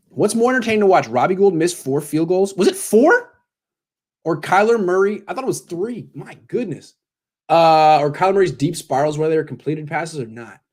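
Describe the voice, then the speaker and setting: A young man hosting a postgame live stream, joking sarcastically and answering donations, his voice cracking when he gets worked up. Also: fairly high pitch. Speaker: sports show host.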